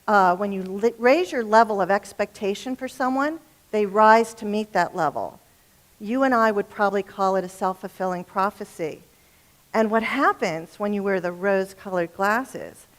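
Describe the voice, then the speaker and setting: A middle-aged woman giving a talk on relationships to a live audience. She is chatty and humorous and often turns to the room with questions. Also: mid-range voice. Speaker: relationship speaker.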